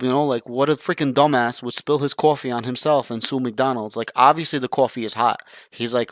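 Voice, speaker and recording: Guy on a crypto panel telling a lively story, dry close sound, regular pitch. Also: normal speed, few pauses, no room sound. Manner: animated storyteller, acts out what others said. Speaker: crypto content creator. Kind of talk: live panel discussion.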